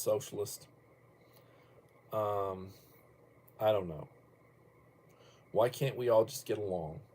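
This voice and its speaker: An older man hosting a casual livestream from home, rambling bluntly and cursing casually between topics. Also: fairly low pitch. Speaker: livestream host.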